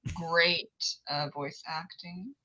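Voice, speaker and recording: A woman's voice: fairly low pitch, steady tone, slow pace, sharp tone, low-quality recording. A woman author hosting her book launch livestream, chatting in a scattered, friendly way and laughing often. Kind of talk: casual livestream chat.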